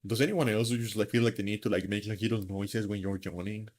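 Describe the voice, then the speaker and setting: A man's voice: on the low side, fast, darkish tone. A man hosting a live stream, chatting casually in a rambling, self-mocking way with lots of fillers. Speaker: streamer host.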